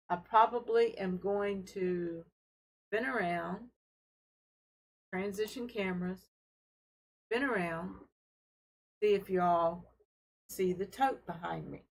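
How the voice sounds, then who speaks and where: A woman with a medium-pitched, darkish voice walks her handheld camera around her home fish room, showing tanks during a casual fish-keeping live stream. She speaks unhurriedly and warmly, using fillers, and the recording quality is low.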